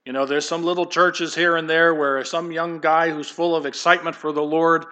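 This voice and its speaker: A man's voice: a little high, flat delivery, normal speed, sharp tone. Conversational male pastor preaching. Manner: conversational, digressive, addresses kids and congregation directly. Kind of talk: sermon. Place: church.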